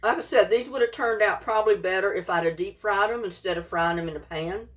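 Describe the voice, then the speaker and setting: A woman's voice: mid-range voice, brisk. Folksy woman, slightly distant mic. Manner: folksy, chatty, eats while talking. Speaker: home cooking vlogger. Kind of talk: casual cooking vlog, tasting and chatting.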